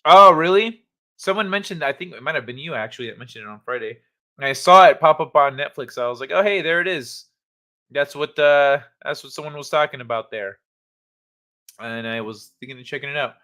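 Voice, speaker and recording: A young man hosting a laid-back livestream, chatting and reading news out loud with frequent swearing. His voice is bright and forward, and he talks in a loose, offhand way. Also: fairly high pitch, a little fast. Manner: chatty, swears casually, reads articles with asides. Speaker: livestream host. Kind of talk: casual chat reading news and chat aloud.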